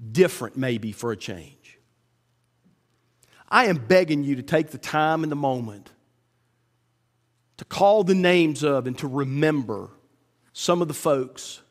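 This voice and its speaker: A middle-aged man preaching a sermon as pastor, emphatic, climbing high when he quotes and slowing down to read scripture. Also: big-room sound. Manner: emphatic, rises sharply when quoting, slows to read scripture.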